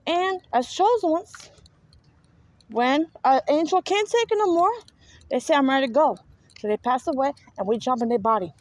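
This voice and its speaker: A woman's voice: high-pitched, lively intonation, moderate pace, poor audio. A woman with a New York accent talking to viewers in a rambling, profane, repetitive monologue, speaking from a car. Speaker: spiritual vlogger.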